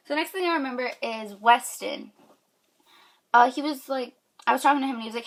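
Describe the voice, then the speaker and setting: A woman's voice: high voice, quick pace. A young woman from New York telling a story to camera with lots of fillers, gushing and squealing when she quotes people. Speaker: vlogger.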